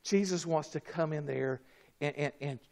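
A man preaching a sermon, swinging between loud emphatic shouts and quiet, low asides, with a drawn-out, deliberate delivery. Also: creaky.

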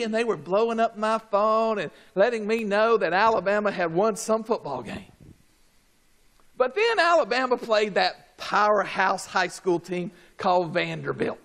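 A pastor preaching a sermon, swinging between shouted peaks and low quiet asides, joking and calling for responses from the congregation. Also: male voice, gravelly. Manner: humorous, calls for audience response.

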